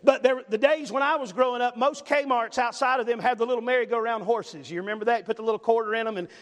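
High-voiced, emphatic older preacher. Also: male voice, fast talker, a bit bright. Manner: emphatic, repetitive, punctuating with "amen?". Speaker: pastor. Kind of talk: sermon. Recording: long reverb in a large hall.

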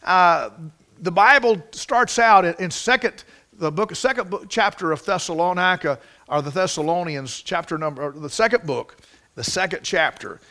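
Man, pastor preaching, high pitched, bright tone, emphatic, restarts often. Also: expressive, normal speed. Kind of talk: sermon.

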